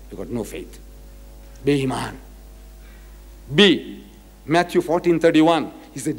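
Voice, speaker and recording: A man giving a lively religious lecture, emphatic and repetitive as he cites scripture. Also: on the high side, a little slow, pauses often. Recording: echoey lecture hall.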